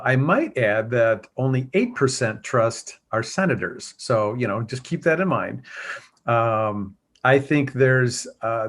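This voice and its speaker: Man, interview guest, ex-cop turned church planter, earnest, measured, mid-range voice. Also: medium pitch. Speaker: guest, former police officer launching a church. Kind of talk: conversational interview.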